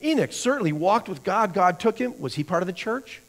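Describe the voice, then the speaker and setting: A man's voice: high-pitched, animated, a little fast, fairly bright tone. A man teaching a church Bible class, who asks the class questions, answers them himself and often repeats words while he thinks.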